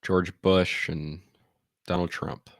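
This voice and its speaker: A man's voice: low-pitched, flat delivery, slow pace, dry recording, clean studio sound. A man giving blunt, sarcastic, rambling commentary on survey charts during a casual live stream. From United States.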